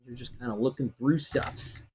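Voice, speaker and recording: A man's voice: mid-range voice, steady tone, moderate pace, lo-fi sound, slight background noise. A man narrating as game master, describing scenes in a rambling way with many fillers.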